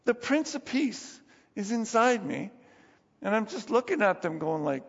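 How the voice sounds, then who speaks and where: A man's voice: high-pitched, animated, unhurried, vocal fry, breathy edge. A man preaching a conversational sermon as pastor, telling stories with chuckles and restarts. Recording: long reverb, dull lo-fi sound.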